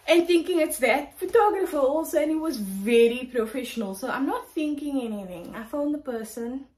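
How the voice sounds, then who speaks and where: A woman vlogger telling a story in a casual, animated way, with lots of "like". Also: sits high, moderate pace, low-quality recording. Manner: animated, chatty storytelling full of "like".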